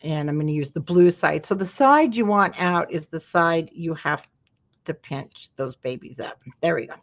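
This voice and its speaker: A chatty woman from Utah walks viewers through a craft project, with plenty of friendly asides along the way. Her voice sits a little low for a woman. The sound is somewhat dull and lo-fi. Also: lively intonation, moderate pace. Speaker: craft show host. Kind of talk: live craft tutorial.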